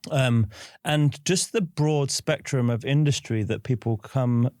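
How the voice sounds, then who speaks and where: A man's voice: mid-range voice, measured pace, darkish tone, no room sound. Male co-host, enthusiastic talker, dry studio sound. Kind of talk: casual conversation.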